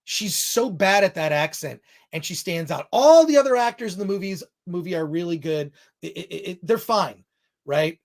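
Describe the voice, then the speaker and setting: A man's voice: sits high, animated, moderate pace, vocal fry. A man hosting a film review show in casual chat, rambling off on tangents and restarting his sentences often.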